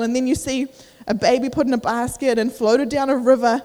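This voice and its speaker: A woman's voice: a little high, steady tone, brisk, mellow. A young woman giving a casual sermon at church, chatty with many fillers, acting out inner voices, a little out of breath. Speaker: youth preacher. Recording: echoey church hall.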